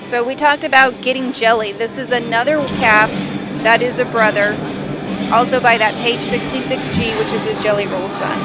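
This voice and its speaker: A woman's voice: fairly high pitch, steady tone, normal speed, loud music behind the voice. A woman with a Midwestern accent, co-commentating a live bucking bull event in an upbeat, plainspoken way.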